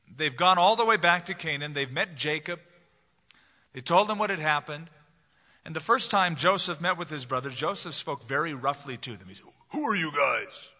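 A male pastor delivers a sermon in a casual, conversational way and slips into quoted voices. His voice sits a bit high and sounds tense and piercing. Long reverb from a big sanctuary trails each phrase. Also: pushed and bright. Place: large church sanctuary.

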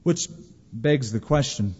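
A man's voice: medium pitch, lively intonation, slow pace, a little mellow, husky. A man preaching a sermon as pastor, emphatic storytelling and quoting scripture. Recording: reverberant, dull lo-fi hall recording.

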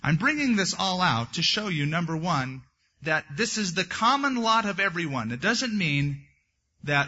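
A man's voice: on the high side, lively intonation, normal speed, bright, forceful tone, slightly rough, muffled recording. A man preaching a sermon as a pastor, reading scripture aloud and then breaking into conversational asides.

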